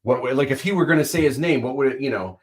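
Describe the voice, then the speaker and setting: A man hosting a livestream, chatting casually and animatedly, telling stories and acting out quick bits. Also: medium pitch, husky. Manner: animated storyteller, acts out little voices. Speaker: livestream host. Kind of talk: casual chat.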